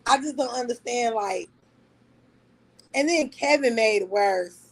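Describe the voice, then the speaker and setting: A woman's voice: on the high side, a little slow, low-quality recording. A woman hosting a casual livestream, mocking and trash-talking someone with bursts of laughter. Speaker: livestream host. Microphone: talking to a phone on a live stream.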